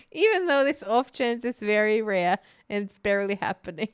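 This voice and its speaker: A woman's voice: medium pitch, very animated, moderate pace, clean tone, no room sound. A woman co-hosting a podcast in casual chat, laughing often and swearing casually. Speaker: podcast co-host. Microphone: streaming mic.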